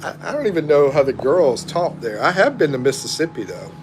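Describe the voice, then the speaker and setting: A man's voice: on the high side, sing-song, a little fast, noisy background. A middle-aged man hosting a casual livestream, chatting in a drawling, rambling way as he reads out viewer comments. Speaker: livestream host.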